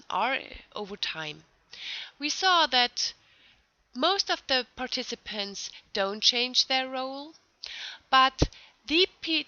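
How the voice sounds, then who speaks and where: Young woman researcher, bright voice. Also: on the high side, no room sound. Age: young adult. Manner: careful, methodical explaining with non-native phrasing and pauses. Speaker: researcher presenting findings. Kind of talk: conference talk. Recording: dull lo-fi recording.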